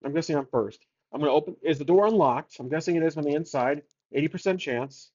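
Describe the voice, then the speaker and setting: Slightly high-voiced man narrating solo game. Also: fast talker, a little mellow, muffled recording. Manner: thinking aloud, rolling odds, casual.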